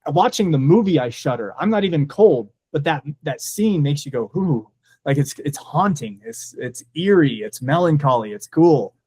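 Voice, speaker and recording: A man's voice: on the high side, expressive, normal speed, darkish tone, husky, no echo. A man co-hosting a casual movie podcast, talking with enthusiasm and leaning on "like" as a filler. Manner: enthusiastic, heavy use of "like". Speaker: podcast co-host.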